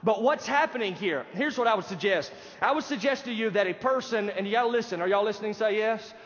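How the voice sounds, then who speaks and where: Male pastor, emphatic sermon delivery, muffled lo-fi sound, high voice. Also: fast talker, fairly bright tone. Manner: emphatic preaching, addresses congregation directly. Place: church sanctuary. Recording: dull sound in a reverberant hall.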